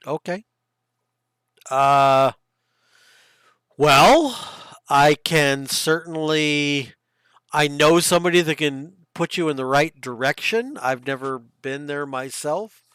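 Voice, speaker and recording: A man voicing a hospitable male barbarian village chief who speaks loudly with hesitant fillers. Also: on the high side, takes it slowly, pauses often, clear, resonant tone, dry recording. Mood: welcoming.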